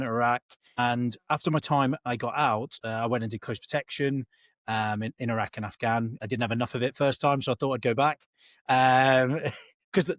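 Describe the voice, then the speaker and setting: An English man with a mid-range voice, recorded with no room sound, is a veteran guest in a casual interview chat. He talks in a rambling, chatty way, often correcting himself and restarting sentences.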